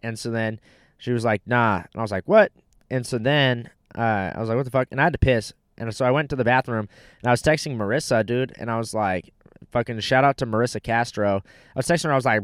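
A young man tells a story in loose, casual chat, swearing freely and packing his sentences with filler words. His voice is smooth and resonant at an ordinary pitch for a man. The sound is close and dry. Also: fast talker, no room sound. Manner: rambling, profane, full of "like", "dude" and "bro".

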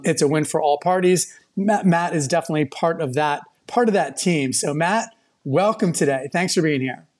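A man co-hosting a podcast who introduces the guest in an upbeat, joking way. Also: a little high. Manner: upbeat, jokey. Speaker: podcast co-host. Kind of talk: casual podcast chat.

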